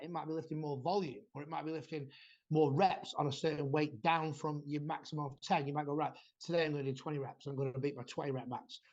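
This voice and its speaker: Brief: male podcast host, blunt and sweary, slightly high voice, muffled lo-fi recording. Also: darkish tone. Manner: blunt, swears freely, rambling explanations. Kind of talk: casual podcast chat about training. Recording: dull lo-fi sound.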